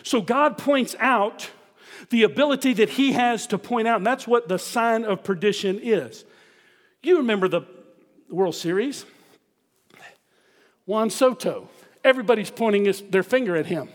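A pastor preaching a sermon, emphatic and full of rhetorical questions put to the congregation. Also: male voice, high-pitched, moderate pace, pauses often, long reverb tail.

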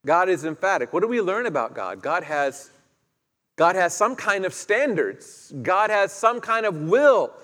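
A man's voice: high voice, very animated, a little slow, a bit bright. A man preaching a sermon in a conversational way, asking his listeners questions as he retells the story. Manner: conversational, asks the congregation questions. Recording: echoey hall, long reverb.

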